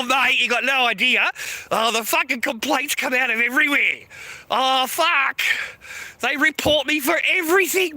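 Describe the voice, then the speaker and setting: A man's voice: sits high, bright, forceful tone, no room sound. A man ranting on a live stream, blunt and full of swearing. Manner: angry, heavy swearing, blunt. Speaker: livestreamer. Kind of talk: profane live-stream rant.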